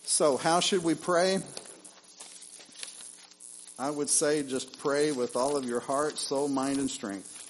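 A man, preaching a church sermon. He talks in a loose, conversational way, breaks into animated asides, and repeats phrases for emphasis. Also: on the high side, takes it slowly, pauses often, a little hiss or hum, low-quality recording. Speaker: pastor.

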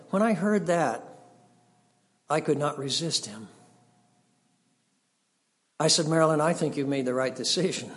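A man preaching a sermon and telling stories, acting out the voices of people in them and swinging from hushed to loud. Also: fairly high pitch, long reverb tail. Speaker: pastor. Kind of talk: sermon with storytelling. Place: church sanctuary.

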